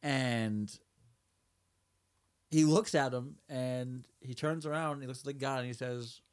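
Podcast co-host, male, mid-pitched, plain storyteller who quotes characters as he retells. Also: measured pace. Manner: retells scenes step by step with quoted lines, casual fillers. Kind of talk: casual discussion of a TV episode.

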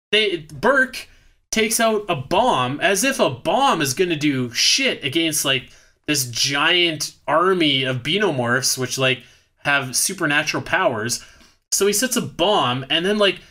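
A man's voice: sits high, bright, forceful tone. A man co-hosting a podcast, recapping a bad movie in rambling, profane, sarcastic casual chat.

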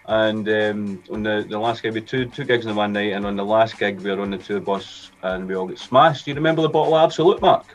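A man's voice: lowish voice, quick pace, few pauses, faint music behind. A man in casual chat, mostly adding short agreeing replies.

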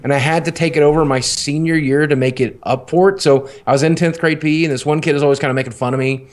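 A man's voice: on the high side, fairly even intonation, quick pace. A man casually telling a long personal story, rambling and swearing, often laughing at himself.

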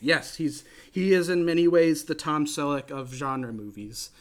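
A man with a fairly high voice hosts a casual movie chat. He rambles with enthusiasm, piles up fillers and restarts, and keeps circling back to his point. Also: lively intonation, measured pace. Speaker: podcast host.

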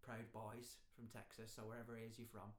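A man's voice: lowish voice, completely flat delivery, a little fast. Male, rambling comic chatter, echoey room. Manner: rambling, jokey, lots of "you know what I mean". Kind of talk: casual comedic chat.

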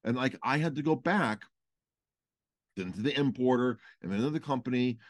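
A man's voice: medium pitch, normal speed, no room sound. A man co-hosting a podcast about running restaurants, talking casually and repeating words for emphasis. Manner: animated storytelling, repeats for emphasis. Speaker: podcast co-host, restaurant owner. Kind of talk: casual chat.

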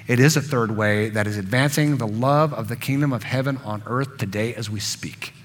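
A man's voice: mid-range voice, normal speed, slight background noise. A man preaching a sermon, earnest, building emphasis through repetition. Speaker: pastor.

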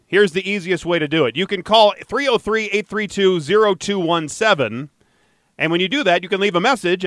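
A man's voice: sits high, fairly bright tone, dry recording, clean studio sound. A man hosting a casual podcast, upbeat and chatty, reading out a call-in number and plugging next week's show. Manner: upbeat, chatty, laughs easily. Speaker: podcast host.

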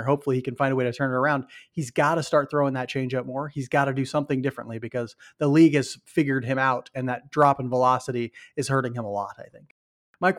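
A man co-hosting a casual sports podcast, breaking down stats and reading a sponsor spot. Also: medium pitch. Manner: analytical, reads ad copy and stats. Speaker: podcast co-host.

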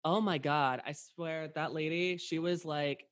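A man's voice: fairly high pitch, fairly even intonation, unhurried, fairly bright tone. A man hosting a podcast, talking casually and rambling, with lots of "like" and re-enacted conversations. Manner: rambling, heavy on fillers and re-enacted dialogue. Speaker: podcast host. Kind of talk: casual chat.

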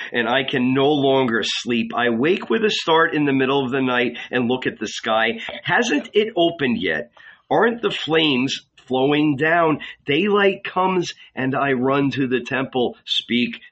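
A man's voice: mid-range voice, a bit bright, pitched above the performer's own voice, heavily acted. A man voicing an anguished adult male prophet in an audiobook reading, intense and pleading. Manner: intense, pleading, rising to fervor. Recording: dull lo-fi recording.

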